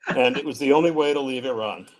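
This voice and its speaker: A man's voice: medium pitch, fast, very noisy. An older man on a discussion panel, telling a story vividly and acting out the quotes. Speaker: panel guest recounting captivity.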